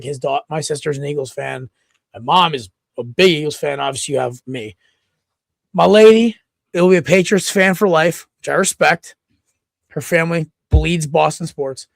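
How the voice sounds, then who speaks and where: High-voiced excitable man, gravelly. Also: dry recording, studio quality. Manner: rambling, excitable, with many restarts. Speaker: podcast co-host. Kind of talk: casual sports chat.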